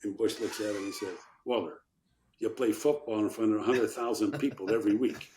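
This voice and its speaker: A man's voice: fairly low pitch, steady tone, brisk, darkish tone, echoey room. An older man from Chicago, a former congressman, tells anecdotes in a podcast interview and acts out the quotes with animation. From Chicago, USA.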